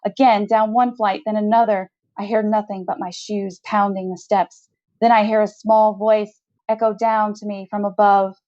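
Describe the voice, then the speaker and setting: A woman author reads her own first-person short story in a steady, measured way. Her pitch is middling. The recording is slightly dull and lo-fi.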